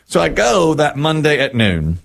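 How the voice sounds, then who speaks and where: A middle-aged man co-hosting a radio show, telling a story with animated, acted-out quotes. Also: fairly high pitch, moderate pace, vocal fry. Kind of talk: casual radio banter.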